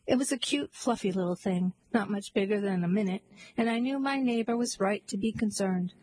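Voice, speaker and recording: A woman reading stories and poems aloud in a measured, gentle way. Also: medium pitch, a little hiss or hum, poor audio. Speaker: storyteller.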